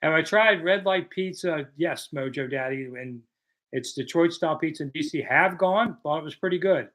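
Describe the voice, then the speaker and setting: A man's voice: on the high side, normal speed, a bit bright. A man in his sixties from the American South, hosting a casual live chat, reading viewer questions and answering with self-deprecating humor. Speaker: host.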